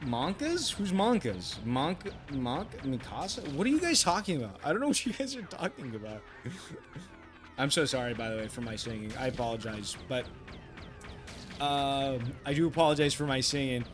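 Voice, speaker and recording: A man's voice: medium pitch, very animated, normal speed. A man streaming live, chatting casually with his viewers and reading their messages aloud. He rambles with many fillers, apologizes often and swears offhandedly. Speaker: livestreamer.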